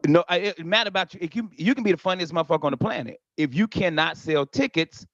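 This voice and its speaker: He's a middle-aged comedian guesting on a laid-back podcast, a fast talker with a high-pitched, somewhat bright voice. He mimics quoted people for a moment and swears without restraint, recorded without echo in slightly dull lo-fi sound.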